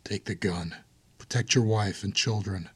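A man's voice: on the low side, a little slow, fairly bright tone, husky, no room sound, full character voice. A man voicing a grim, blunt hardened older brother in an audiobook.

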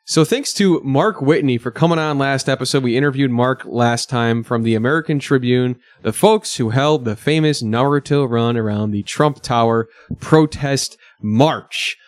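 A man's voice: mid-range voice, moderate pace, few pauses, no room sound, studio quality. A man hosting a podcast in loose, jokey casual chat with his guests. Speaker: podcast host.

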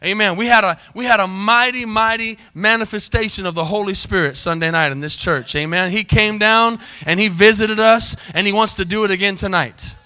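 A middle-aged male pastor preaching an evening church sermon, pausing often to ask the congregation for an "amen". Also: high-pitched, bright, forceful tone, clear, resonant tone. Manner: preaching with call-and-response "amen" questions. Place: church sanctuary.

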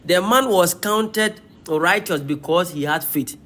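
A man's voice: sits high, takes it slowly, hardly any pauses, soft background music. A man preaching a sermon, reading scripture aloud and checking in with his listeners. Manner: animated.

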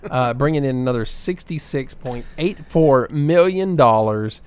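A man's voice: medium pitch, a little slow, clear, resonant tone. A man co-hosting a casual podcast, running through figures with plenty of ums and uhs. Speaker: podcast co-host reading box office numbers. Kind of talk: casual chat.

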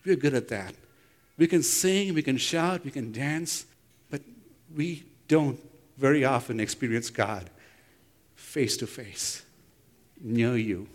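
A man preaching a sermon in a church, telling an imagined story and putting questions to the congregation as he goes. His voice sits at an ordinary middle pitch and rings out with a long hall reverb. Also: lively intonation, slow, pauses often. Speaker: pastor. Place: church sanctuary.

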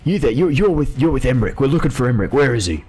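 A man putting on a rough, greedy bounty-hunter guard who barks in a raised, tight voice. He is blunt and mercenary and keeps calling people mate. Soft music plays under this tabletop game. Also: medium pitch, very animated, rapid-fire, voice pushed up. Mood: gruff.

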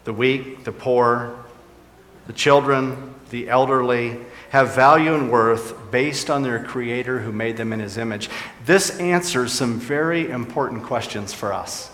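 A man's voice: mid-range voice, a little slow, fairly bright tone. A man preaching a sermon as pastor, his voice rising and dropping for emphasis. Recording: echoey church hall.

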